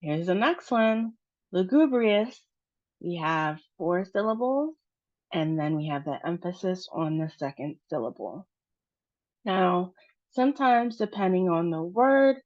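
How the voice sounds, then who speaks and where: Slow, patient American woman teaching. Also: on the low side, animated, a little mellow. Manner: patient, spells out stress and syllables slowly. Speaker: pronunciation teacher. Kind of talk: slow pronunciation lesson. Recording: dull, dry, lo-fi sound.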